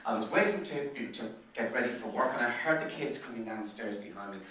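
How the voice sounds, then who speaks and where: A man's voice: mid-range voice, a little fast, fairly bright tone. An Irish man giving an after-dinner business presentation at a golf club, telling anecdotes in a chatty way and often repeating words as he goes. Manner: chatty storyteller who stutters on repeated words. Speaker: business speaker. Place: function room at a golf club. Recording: very echoey room, mic far off.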